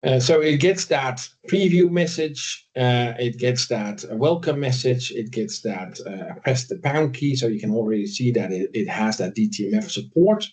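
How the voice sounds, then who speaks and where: A man giving a casual screen-share software walkthrough, thinking aloud with frequent fillers and tag questions. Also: medium pitch, animated, normal speed, hardly any pauses. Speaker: presenter demoing software.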